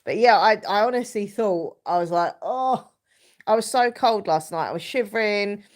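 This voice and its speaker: A woman's voice: medium pitch, lively intonation, normal speed. A woman, hosting a casual live stream chat, bunged up with a cold and rambling as she reads out viewer comments. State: stuffy nose from a cold.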